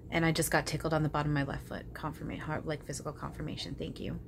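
A woman channeling spirits aloud in a soft, hesitant way, with frequent ums and casual swearing. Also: low voice, level tone, quick pace, vocal fry, background noise.

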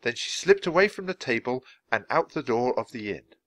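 A man reading a children's storybook aloud for English learners, narrating clearly and expressively. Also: medium pitch, sing-song, normal speed, fairly bright tone, no room sound. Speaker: storybook reader.

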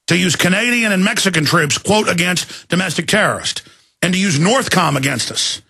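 A man in his thirties hosting a radio show, delivering an angry, shouting monologue in rapid tirades. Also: high voice. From Texas. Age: 30s. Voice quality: gravelly, raspy. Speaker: radio host. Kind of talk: ranting talk radio monologue.

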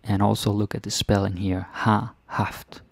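A man with a Danish accent teaching Danish grammar in English, chatty, with "ikke?" tags and sudden soft whispers. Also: on the low side, flat delivery, unhurried, vocal fry, no room sound. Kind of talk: explaining grammar to learners.

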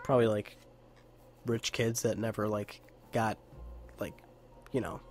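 A man's voice: on the low side, fairly even intonation, a little slow, darkish tone, slight background noise. A young man giving casual, joking gameplay commentary as a let's play host, laughing and swearing.

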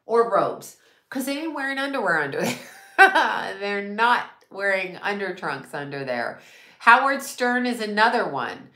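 A woman's voice: medium pitch, sing-song, unhurried, pushed and bright, roomy sound. A woman psychic medium in a casual channeling monologue, blunt, profane and rambling, often laughing.

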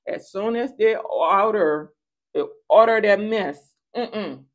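Speaking slowly in a mid-range voice, a woman reads tarot casually for her audience. Her delivery is theatrical and sassy, sprinkled with playful singsong rhymes and little performed moments.

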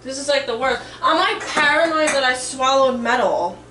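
A woman's voice: sits high, moderate pace, noisy background. A woman around thirty vlogging casually at home, nervous, swearing freely and saying "like" a lot. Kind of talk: casual chatty vlog. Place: home kitchen. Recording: echoey room, mic some distance off.

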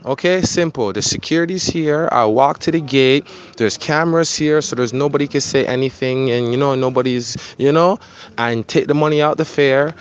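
A photographer records a heated voice note, repeating himself and pleading. His pitch is mid-range for a man. The sound is muffled and lo-fi. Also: normal speed, clean tone. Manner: insistent and repetitive, pleading.

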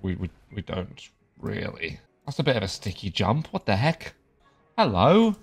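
A man's voice: fairly low pitch, very animated, normal speed, husky, faint music behind. A young man casually commentating his video game play, joking and reading the game's dialogue aloud. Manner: chatty, jokey, reads game dialogue aloud. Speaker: gaming video creator.

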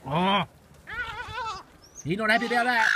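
Feeding birds outdoors, a man gives excitable running commentary on camera, frequently exclaiming and repeating himself. His voice is high-pitched and unhurried, and the outdoor recording is noisy with birds.

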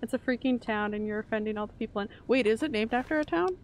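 A young woman from Canada chatting and reacting loudly while streaming a game. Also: fairly high pitch, quick pace, a little hiss or hum. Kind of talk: live game stream commentary.

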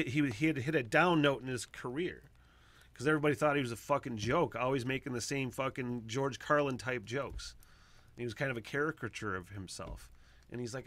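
A man hosting a podcast, talking in a casual, profane monologue that swings between low mutters and excited shouts. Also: no room sound. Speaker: podcast host.

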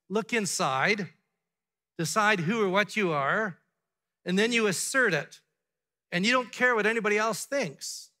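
A pastor preaching a sermon to his congregation, asking rhetorical questions and dropping to a hush before building back up. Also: high-pitched. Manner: dramatic, drops to a hushed tone for emphasis, then builds up. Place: church sanctuary.

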